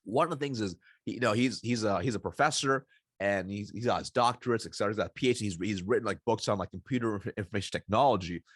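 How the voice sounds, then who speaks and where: Low, husky male storyteller. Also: fast talker, no echo, studio quality. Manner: animated storyteller who acts out dialogue, with frequent restarts. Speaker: interview guest, sales coach. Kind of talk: anecdotal storytelling.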